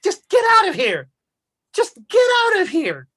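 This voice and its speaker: A disembodied mother's voice screams from nowhere, a woman putting it on at the game table. It is pitched very high and loud, shrill and commanding. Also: huge pitch swings, unhurried, heavily acted. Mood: furious. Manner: shrill, yelling orders.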